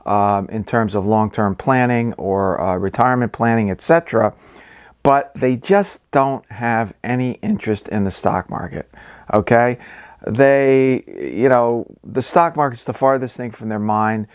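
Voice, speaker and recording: A man's voice: mid-range voice, unhurried, clean tone, no room sound, clean studio sound. A man hosting an investing channel, explaining stock basics in casual talk full of ums, okays and restarts. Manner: conversational, many ums and okays.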